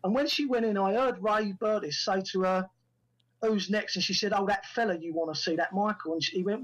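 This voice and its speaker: Fast-talking husky-voiced man. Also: high-pitched, rough recording. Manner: animated anecdotes, acts out quoted dialogue. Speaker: actor and writer guest. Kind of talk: storytelling in a podcast interview.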